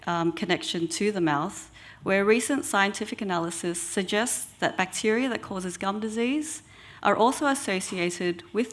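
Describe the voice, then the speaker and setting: A woman, an oral health therapist giving an educational talk in a measured way with frequent ums. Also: mid-range voice, fairly bright tone.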